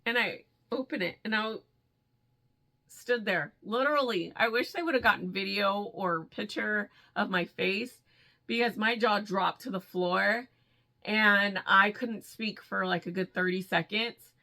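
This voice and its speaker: A woman chatting casually to her viewers in a yarn vlog, excited and gushing, laughing often. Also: medium pitch, a little slow, creaky. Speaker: yarn vlogger. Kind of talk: casual chat to camera.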